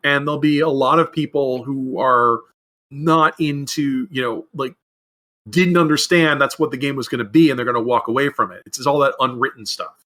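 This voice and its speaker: A man's voice: mid-range voice, steady tone, normal speed, sharp tone. A man co-hosting a podcast about game design, talking casually in long rambling runs with frequent restarts and fillers. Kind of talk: casual discussion.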